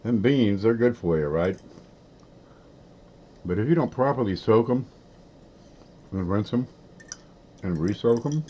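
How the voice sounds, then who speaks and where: A man with a fairly low voice rambles in a folksy, easygoing way, talking through mouthfuls of food as he eats on camera. The recording sounds dull and lo-fi, with a faint hiss underneath. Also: lively intonation, a little slow, long pauses, dark tone. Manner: folksy, rambling, talks with his mouth full. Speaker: coin collecting channel host. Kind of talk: casual chat while eating on camera.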